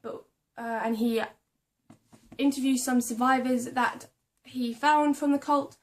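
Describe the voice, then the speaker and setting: A woman's voice: high voice, steady tone, a little slow. A young woman chatting casually about books she bought, reading blurbs aloud and stumbling over names and hard words. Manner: reads book blurbs aloud. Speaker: book vlogger. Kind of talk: casual chat about a book haul.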